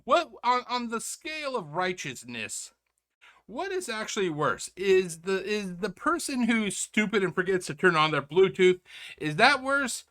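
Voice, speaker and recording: A man hosts a reaction video with sarcastic, rambling commentary, stumbling over restarts and calling his viewers "ladies and gentlemen." His voice sits a little high for a man, with a bright, forceful edge. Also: sing-song, moderate pace. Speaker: reaction channel host. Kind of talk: casual commentary.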